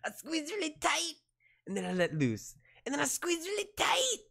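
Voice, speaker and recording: A man quoting a goofy, bragging male character from a comedy film in a high, squeaky sing-song voice. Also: huge pitch swings, normal speed, creaky, sharp tone, exaggerated voice.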